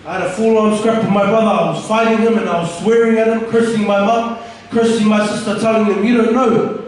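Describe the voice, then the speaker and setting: A young man gives an earnest, candid personal testimony to an audience, often starting his sentences over. His voice sits high with a level tone and moves fast, captured from far off the mic in an echoey room with crowd noise.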